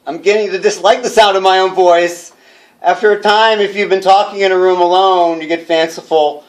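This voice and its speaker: A man's voice: sits high, steady tone, moderate pace, lightly acted. A man performing a jittery radio announcer who chatters nervously to his listeners and laughs to himself, read live before an audience in a bookstore. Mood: nervous, chatty. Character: jittery male radio announcer alone in a haunted house. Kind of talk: live reading of a one-man radio play.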